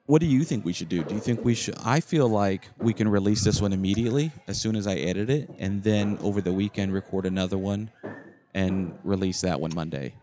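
Speaking fairly quickly in a mellow, fairly low voice, this middle-aged podcast co-host rambles through casual chat. He describes his surroundings at a campground from inside a noisy shared room.

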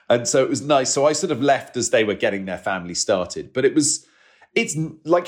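A man in his forties telling personal stories candidly as a guest, halting often and restarting his sentences, with an emotional, self-deprecating manner. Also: low-pitched. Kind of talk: candid conversational storytelling.

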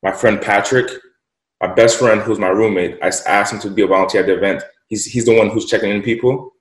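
A man's voice: fairly low pitch, steady tone, quick pace. A man telling a story as a guest, emphatic and profane, repeating lines for effect. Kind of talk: casual storytelling. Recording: roomy echo.

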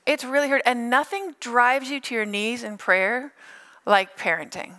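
A middle-aged woman pastor giving a sermon, animated and playful, telling stories with funny asides. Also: fairly high pitch, a little slow.

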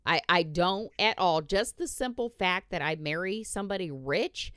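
A woman's voice: fairly low pitch, a bit bright, clear, resonant tone, no echo, studio quality. A woman hosting a podcast, ranting bluntly and swearing in casual chat. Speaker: podcast host.

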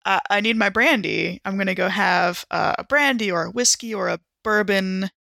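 A woman's voice: mid-range voice, normal speed, vocal fry, bright, forceful tone, no room sound, studio quality. A woman playing her character in an actual-play game, chatty and playful. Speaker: player.

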